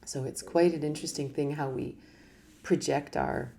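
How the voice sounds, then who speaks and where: Gravelly, laughing woman teacher. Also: deep voice, normal speed. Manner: animated, laughs often, acts out inner voices. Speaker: spiritual teacher giving a live talk. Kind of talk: casual spoken talk.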